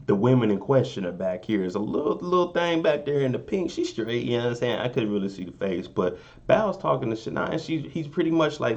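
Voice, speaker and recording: A young man casually recapping a TV episode in a relaxed, joking way, often asking "you know what I'm saying". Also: mid-range voice, a little fast, few pauses, muffled recording. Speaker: recap vlogger.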